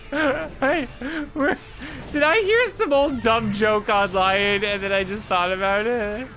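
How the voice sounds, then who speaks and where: A woman streamer chatting casually over her gameplay, giggly and flustered, with a bit of cursing thrown in. Her voice sits a little high and sounds bright and sharp. She takes her time with her words, and faint game music plays behind her. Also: slow pace. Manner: giggly, flustered, swears freely.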